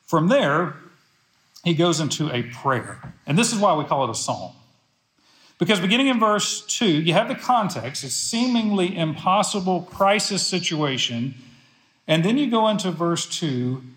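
A man's voice: a little high, a bit bright. A man preaching a sermon as pastor, emphatic and repeating phrases for stress. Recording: echoey room.

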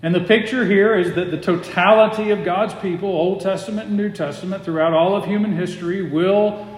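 Pastor, male, slow deliberate emphatic sermon delivery, slightly high voice, roomy sanctuary echo. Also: steady tone. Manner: measured, emphatic preaching with slowed stressed phrases. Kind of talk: expository sermon.

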